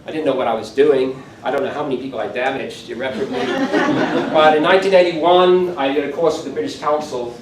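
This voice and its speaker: A man's voice: fairly high pitch, expressive, fairly quick, hardly any pauses, over a noisy crowd. A man in his sixties giving a conference keynote lecture, talking conversationally with self-deprecating asides. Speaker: keynote speaker. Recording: echoey hall from far off, faint room ambience.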